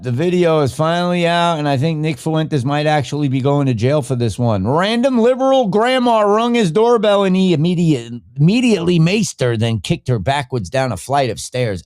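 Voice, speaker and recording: A man hosting a podcast, reacting to clips in a profane, laughing way, swinging from loud outbursts to mumbling. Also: fairly high pitch, lively intonation, normal speed, few pauses, no echo, studio quality. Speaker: podcast host. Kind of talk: reacting to clips, casual chat.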